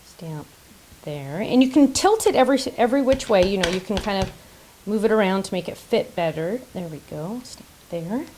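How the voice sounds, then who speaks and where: A woman's voice: mid-range voice, expressive, normal speed, a little mellow, a little hiss or hum, rough recording. A woman hosting a casual card-making tutorial, chatty and playful, making silly sound effects and joking about herself. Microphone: top-down camera setup.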